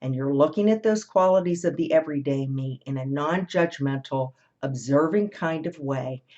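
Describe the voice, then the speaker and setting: A woman with a low voice leads a gentle, reflective talk, coaxing listeners to turn inward and listen to themselves. She now and then voices the thoughts she quotes. The recording is dull and a little lo-fi. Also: normal speed. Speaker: host of a guided listening series. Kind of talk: guided self-reflection talk.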